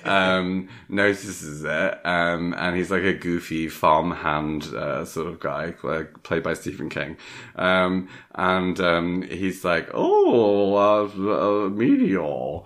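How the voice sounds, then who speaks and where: A man with a very low voice chats through a film plot on a podcast. He wanders, pauses on ums, and slips into silly voices for the characters. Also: level tone, pushed and bright. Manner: rambling, lots of ums, acts out characters' lines. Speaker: podcast co-host. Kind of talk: casual chat recapping a film.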